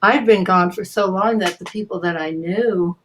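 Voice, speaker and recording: An older woman, a voice actress being interviewed, telling stories in a theatrical, animated way with frequent restarts. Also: medium pitch, moderate pace, a little hiss or hum. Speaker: guest voice actor. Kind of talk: casual interview storytelling.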